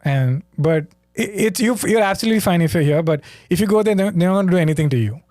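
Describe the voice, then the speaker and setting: A man's voice: a little high, animated, quick pace, darkish tone, no echo, studio quality. A man from India, a comedian guesting on a podcast, talking in an easygoing, thoughtful way. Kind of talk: casual chat.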